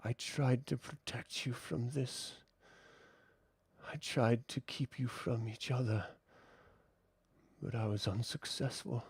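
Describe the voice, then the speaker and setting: A man voicing a deep, breathy, fatherly swamp spirit in a whispered role-play. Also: slow pace, long pauses, dry recording, heavily acted. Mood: tender.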